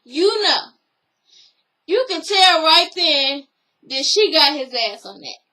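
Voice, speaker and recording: A young woman with a high, bright voice gives a casual recap. She is sassy and blunt and uses plenty of slang. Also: expressive, takes it slowly. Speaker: vlogger recapping a reality show. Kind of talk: casual chat.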